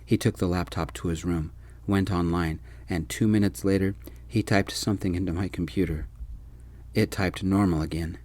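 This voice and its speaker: A man telling a first-person story in a gentle, soft-spoken ASMR style. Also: low voice, fairly even intonation, normal speed, no echo.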